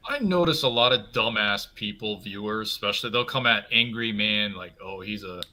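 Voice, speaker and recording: A man talking on a casual livestream panel, chatty and quick to laugh. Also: on the low side, sharp tone. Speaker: panel guest.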